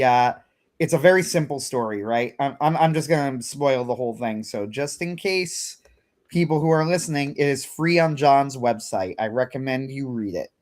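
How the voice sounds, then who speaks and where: A man co-hosting a casual livestream chat, retelling a story with animated delivery and frequent filler words. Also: mid-range voice. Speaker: co-host.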